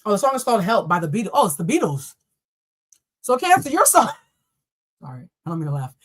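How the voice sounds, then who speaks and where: A woman reads tarot on a live stream. She is animated and blunt, and she talks straight to her viewers and swears freely. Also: medium pitch, brisk, slightly rough. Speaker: tarot reader.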